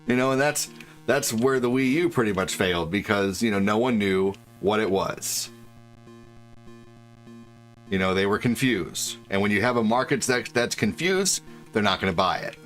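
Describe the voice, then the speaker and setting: A man's voice: on the low side, animated, moderate pace, fairly bright tone, faint music behind. A man streaming retro games, chatting casually and crudely with his viewers. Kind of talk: casual live-stream chat.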